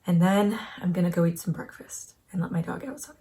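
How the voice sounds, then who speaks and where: A woman's voice: on the low side, steady tone, brisk, mellow, husky. A young woman vlogging about her writing day, chatty and self-mocking, sometimes dropping into a whisper. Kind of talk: casual writing vlog.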